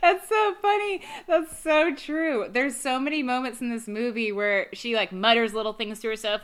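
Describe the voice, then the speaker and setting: A woman's voice: a little high, moderate pace, hardly any pauses, fairly bright tone, smooth. A woman co-hosting a casual movie-review podcast, wry and chatty, often laughing. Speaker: podcast co-host.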